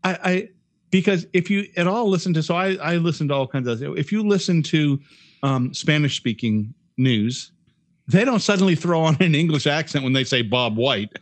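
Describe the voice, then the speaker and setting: A man's voice: high-pitched, no echo. A man co-hosting a podcast in casual chat, ranting bluntly and swearing a lot. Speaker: podcast co-host.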